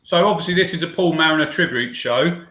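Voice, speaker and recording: A man co-hosting a casual podcast, relaxed and loose as he passes on news. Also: fairly high pitch, fast talker, roomy sound. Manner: relaxed, loose, some fillers. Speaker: podcast co-host.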